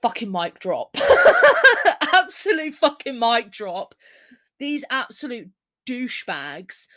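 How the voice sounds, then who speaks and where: A woman's voice: on the high side, very animated, slow, bright, forceful tone. A woman hosting a true-crime podcast in casual chat, speaking, blunt and swearing freely as she laughs through the story. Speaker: podcast host.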